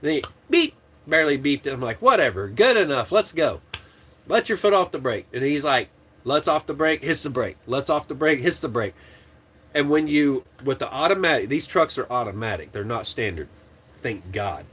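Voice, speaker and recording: A man who trains truck drivers, telling a story in a loose, animated way. His voice sits at an ordinary middle pitch, and he curses easily as he talks. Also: normal speed, breathy edge. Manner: animated, swears and laughs while retelling. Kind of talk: casual storytelling.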